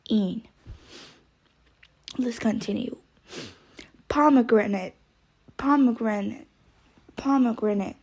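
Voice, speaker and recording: A woman's voice: on the high side, very slow, long pauses, darkish tone. A woman teaching English vocabulary, saying each word several times and spelling it out letter by letter. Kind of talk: vocabulary lesson, slow spelling drills.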